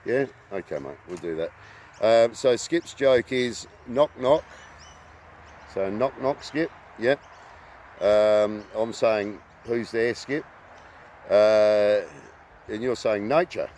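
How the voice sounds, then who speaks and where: A man hosting a rambling casual talk, halting and full of ums and uhs. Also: on the low side, a little mellow, slight background noise. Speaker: host.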